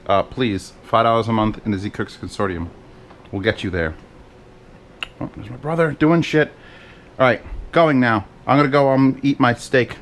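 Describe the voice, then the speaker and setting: A man's voice: mid-range voice, a little hiss or hum. A man chatting casually and rambling with profane, self-mocking asides while he cooks in his home kitchen. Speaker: cooking vlogger. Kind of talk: casual cooking vlog chat.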